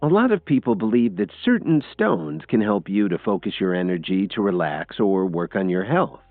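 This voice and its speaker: A man's voice: on the low side, expressive, normal speed, vocal fry, dry recording. A man voicing a mischievous female police officer who teases playfully and sounds a little smug. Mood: teasing. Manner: playful, teasing, mildly smug. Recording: tinny phone-like audio with faint music.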